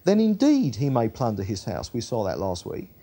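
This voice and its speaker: Here a man runs a Bible study, reading verses aloud before unpacking them conversationally. His mid-range voice is mellow with a breathy edge, moves at normal speed and swings hugely in pitch, and he keeps saying um and uh and correcting himself as he goes.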